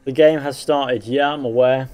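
Casual gaming stream chatter comes from an English man with a Northern–West Country accent and a Midlands tinge, who swears, speaks bluntly and reads out comments from viewers. His medium-pitched, darkish voice has fairly even intonation at normal speed, in a dry recording with soft background music.

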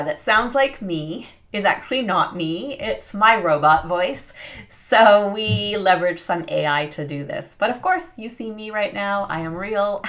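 A woman's voice: on the low side, fairly bright tone. A woman course instructor giving a casual intro to camera in a chatty way, with fillers. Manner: chatty, with fillers and light laughs.

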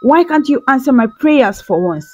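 A woman's voice: sits high, lively intonation, normal speed, darkish tone, dull audio, soft background music, voice pushed up. Woman voicing a pleading young orphan girl. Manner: tearful, pleading prayers.

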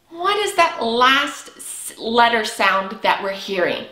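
A woman with a high, bright voice leads an early-learning lesson, unhurried and patient, drawing out each sound for small children. Her voice rings a little in an echoey room. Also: very animated. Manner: slow, patient, encouraging, stretches out sounds. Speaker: preschool teacher.

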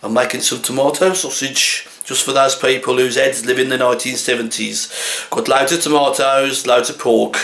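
In an echoey room, a sixty-something man with a Birmingham accent lightly acts as a chatty older butcher, jolly yet exasperated. His mid-range, fairly bright voice stays steady at a moderate pace as he rambles through comic anecdotes with frequent chuckles.

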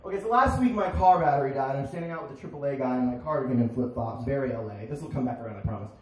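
A young man performing a stand-up comedy set on a bar stage, with deadpan punchlines and sudden shouted bits. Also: mid-range voice, rapid-fire. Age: young adult. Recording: echoey bar, crowd noise, distant. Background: crowd laughing.

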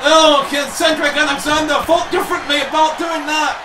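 A man giving excited play-by-play commentary over a wrestling video game, gasping and repeating "wait a minute" and "uh-oh". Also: very high-pitched, normal speed, few pauses, over music. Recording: echoey room, voice from far off. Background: loud game crowd and noise.

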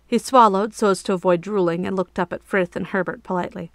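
A woman's voice: medium pitch, fairly even intonation, fast talker, no echo, clean studio sound. Woman reading an audiobook. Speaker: storyteller. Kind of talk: audiobook narration.

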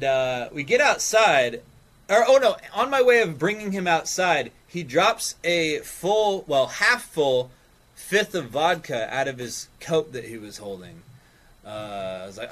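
A man's voice: mid-range voice, a bit bright. A man telling a rambling story on his stream, swearing freely and easily distracted. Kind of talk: casual storytelling on a live stream.

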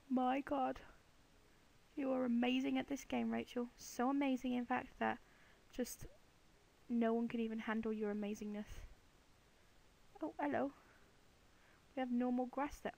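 Girl doing a lets play, chatty and playful, bit of a higher voice, chats away to the mobs. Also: steady tone, normal speed, creaky, pauses often, a little mellow. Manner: chatty, playful, talks to the game's animals. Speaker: let's play gamer. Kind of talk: casual gameplay commentary.

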